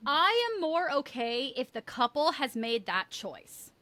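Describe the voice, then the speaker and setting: Woman podcast host, high bright voice, candid and casual. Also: sing-song, a little slow, no echo. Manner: chatty, candid, swears freely. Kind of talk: casual chat.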